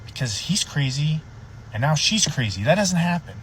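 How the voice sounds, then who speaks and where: A man, a sheriff's deputy, casually telling a story in a profane, animated way. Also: a little high, moderate pace, a little hiss or hum, rough recording.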